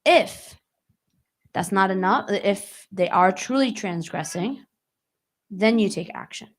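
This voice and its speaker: A woman's voice: medium pitch, animated, takes it slowly. Woman telling a story to an audience. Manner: conversational, engages the audience with questions. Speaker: guest speaker. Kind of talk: storytelling talk to a live audience. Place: community hall.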